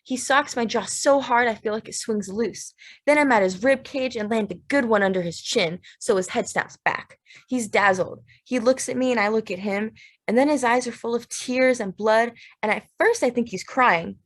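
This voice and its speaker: Woman reading a novel aloud, steady. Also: on the high side, normal speed. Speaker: audiobook narrator. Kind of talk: literary audiobook narration.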